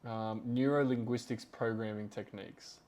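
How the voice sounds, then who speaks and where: A man's voice: lowish voice, fairly even intonation, moderate pace, darkish tone, slight background noise. A man hosting a podcast, retelling a story in a loose, rambling way with lots of fillers. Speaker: podcast host.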